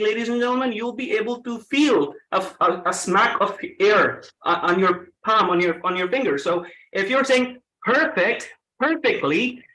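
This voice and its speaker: Bright-voiced man. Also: high-pitched. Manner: energetic, coaxes the audience with questions. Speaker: speaker at a public-speaking club. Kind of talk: interactive pronunciation workshop. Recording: echoey meeting room.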